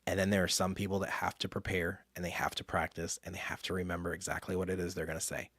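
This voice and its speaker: A man telling a personal story in an animated way, dropping to a hush and jumping up loud when he acts out what others said. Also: low-pitched, quick pace, no echo, clean studio sound. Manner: animated, jumps from hushed to loud mimicry. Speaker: speaker and author.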